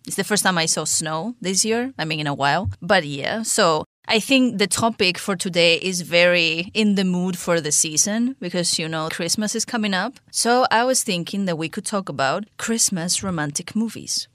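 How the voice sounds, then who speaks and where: A woman's voice: lowish voice, moderate pace, few pauses, fairly bright tone, no room sound, clean studio sound. A woman hosting a radio show, chatting in an upbeat, casual way.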